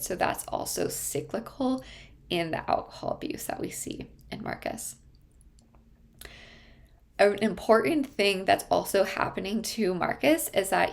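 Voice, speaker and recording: A woman's voice: medium pitch, vocal fry. A woman therapist explaining a TV series in a thoughtful way, often stopping to search for her words.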